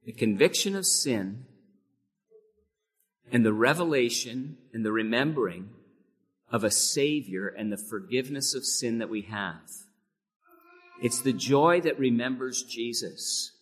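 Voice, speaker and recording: A man delivering a church sermon with earnest conviction, his voice pitched in the middle range. He leans into key phrases with sudden emphatic force. A long reverb from the sanctuary trails every phrase. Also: lively intonation, measured pace, pauses often, breathy edge. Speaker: pastor.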